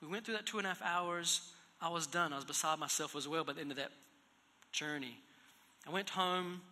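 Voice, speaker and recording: A man preaching in a church, telling a personal story, moving from hushed, low passages to loud, raised exhortation. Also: a little fast. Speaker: pastor. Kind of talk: storytelling sermon. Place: church hall. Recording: echoey hall reverb.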